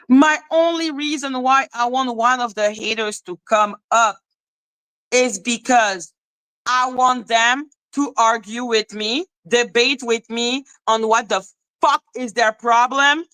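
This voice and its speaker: A woman with a high, bright voice rants slowly through a reaction commentary. She sounds exasperated and mocking, swears freely and fires the same question again and again in disbelief. The recording is dry and close. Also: fairly even intonation, no echo, poor audio. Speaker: commentary channel host.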